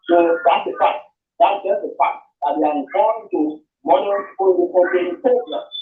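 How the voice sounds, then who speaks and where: A man with a Liberian English accent speaks over a tinny, distant phone line that sounds echoey. His voice sits fairly high, and he speaks haltingly, circling back over his words. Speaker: caller. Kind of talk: call-in radio comment.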